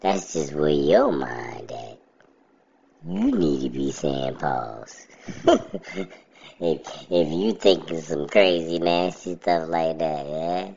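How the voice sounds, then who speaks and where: Exasperated guy venting in slow, unhurried talk, lively up-and-down voice. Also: rumbling low, vocal fry, breathy edge, highs cut off. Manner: blunt, exasperated ranting. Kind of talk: casual chat.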